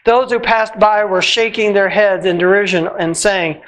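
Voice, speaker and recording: A church reader giving a measured, solemn reading of scripture at a worship service, slowing at the ends of phrases. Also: medium pitch, fairly even intonation, fairly bright tone, low-quality recording.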